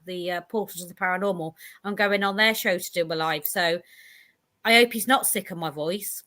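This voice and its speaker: A woman guest chats on a live show, with a bright, sharp tone and a bubbly, self-deprecating manner. She laughs easily and talks in a relaxed way. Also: medium pitch. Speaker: guest, festival organiser and medium. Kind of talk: casual interview chat.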